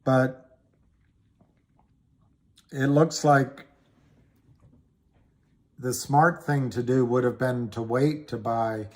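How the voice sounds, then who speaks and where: A man hosting a casual livestream, chatting slowly and rambling while reading viewer comments aloud. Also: mid-range voice, steady tone. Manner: slow, rambling, reads chat comments aloud. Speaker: livestream host. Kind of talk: casual livestream chat about stocks.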